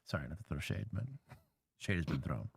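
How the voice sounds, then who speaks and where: A man's voice: a bass voice, expressive, brisk, gravelly, slightly rough, no room sound, studio quality. A man from Texas, a former police officer, hosting a casual livestream and giving blunt, joking commentary with plenty of filler words.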